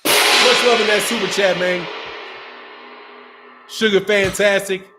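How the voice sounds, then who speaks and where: A man's voice: high voice, steady tone, slow pace, bright, forceful tone, a little hiss or hum. A man hosting a boxing channel, chatting casually on a livestream. He talks in slang, laughs often and rambles. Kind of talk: casual livestream chat reading super chats.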